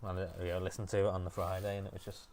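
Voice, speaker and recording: A man hosting a relaxed music chat show, talking loosely and hesitantly with lots of fillers. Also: deep voice, fast, a little hiss or hum.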